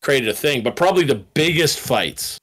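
A man's voice: medium pitch, normal speed, slight background noise. A man, a band guitarist, telling studio stories in a casual interview, swearing freely and acting out quotes. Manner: animated, swearing storyteller who acts out quotes.

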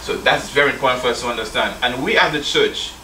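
Talking fast in a sharp, mid-range voice, a man preaches as a church elder, reading scripture and addressing the brethren with call-and-response questions. The distant mic captures a roomy sound along with slight background noise.

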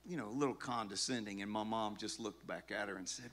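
A middle-aged man preaches from the pulpit in an easy, conversational way. His voice is bright and forward, and he climbs in force as he stacks up repeated phrases. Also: on the low side, fast talker. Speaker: pastor. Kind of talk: sermon.

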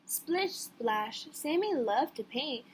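A woman's voice: high-pitched, expressive, takes it slowly, a little hiss or hum. A woman preschool teacher reading a picture book aloud to young children, stopping to ask them questions.

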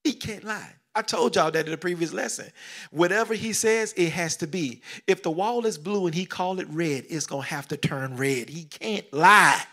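A middle-aged man preaching a sermon, swinging between loud exclamations and hushed whispers, repeating phrases and calling out questions to the congregation. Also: high-pitched, normal speed. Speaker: pastor.

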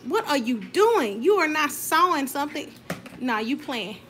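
High-voiced chatty woman cooking at home. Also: very animated, measured pace, a bit bright. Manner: chatty and playful, talks straight to viewers. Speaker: cooking vlog host. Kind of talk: casual chat while cooking. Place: home kitchen. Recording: noisy home recording.

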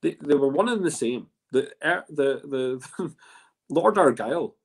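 A man's voice: a little high, lively intonation, a little slow, gravelly, husky. A man hosting a whisky tasting in a casual, rambling way, full of restarts and fillers. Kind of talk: casual spoken presentation.

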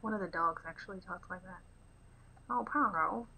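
A woman's voice: lowish voice, steady tone, quick pace, bright, forceful tone, breathy edge, low-quality recording. A young woman and artist hosting her own channel, chatting casually while she paints, often dropping to a near whisper.

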